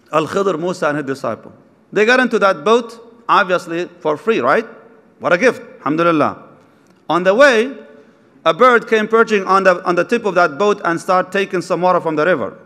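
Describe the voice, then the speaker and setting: High-voiced preacher in a reverberant hall. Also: male voice. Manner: animated, acts out dialogue, mixes in recited verses. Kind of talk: storytelling sermon.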